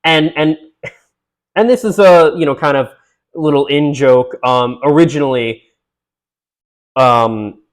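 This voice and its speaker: A man casually recapping a film, rambling with fillers and restarts, and briefly acting out the characters' lines. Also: on the high side. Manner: acts out characters' lines in quick voices. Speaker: movie recap host.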